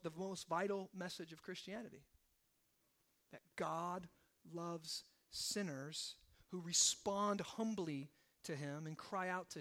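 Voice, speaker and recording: High-voiced man preaching with swinging intensity. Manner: swings from hushed, low emphasis to loud, rising exhortation; asks the congregation rhetorical questions, often adding "right?". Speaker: pastor. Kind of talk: sermon.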